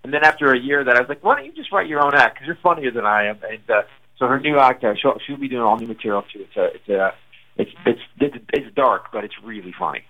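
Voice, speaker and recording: A comedian being interviewed on the radio, telling stories in a lively way and acting out quotes with big jumps in pitch. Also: male voice, fast, muffled recording. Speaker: comedian guest.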